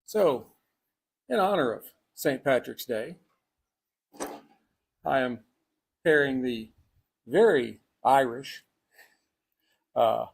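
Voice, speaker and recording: A Texan man hosting a casual livestream, rambling at an unhurried pace through fillers and restarts. His voice has a gravelly fry and a husky edge, and he talks outdoors on a breezy day. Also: medium pitch, animated. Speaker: cigar and spirits show host.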